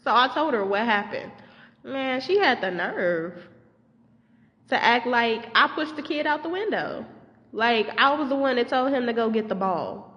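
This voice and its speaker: A woman who is a teacher tells a storytime vlog, talking expressively, swearing, and acting out what people shouted. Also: a little high, animated, moderate pace. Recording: echoey, dull lo-fi audio.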